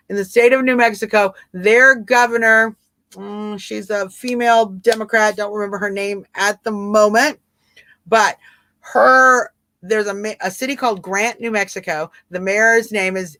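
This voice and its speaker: A woman's voice: mid-range voice, fairly bright tone, dry recording. A woman with a Southern twang hosting a live stream, chatting casually and answering viewers by name in an emphatic way. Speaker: livestream host.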